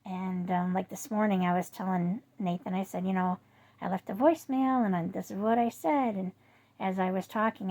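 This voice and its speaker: Gravelly-voiced chatty woman. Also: fairly even intonation, normal speed, dark tone. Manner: rambling storyteller with many fillers; voice jumps high when quoting herself. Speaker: vlogger. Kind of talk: casual chat to camera.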